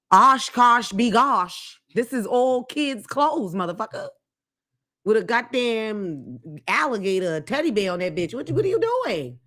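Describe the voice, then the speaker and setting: A woman's voice: fairly low pitch, a bit bright. A woman hosting a podcast, telling a blunt, profane rant in a comedic monologue. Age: adult with grown children. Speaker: podcast host.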